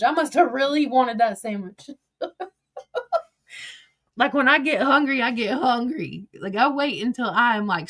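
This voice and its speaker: A woman's voice: a little high, fairly bright tone. A woman talking casually as she reads her text messages aloud. She is chatty and profane, laughs often and wanders off topic. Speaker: commentator.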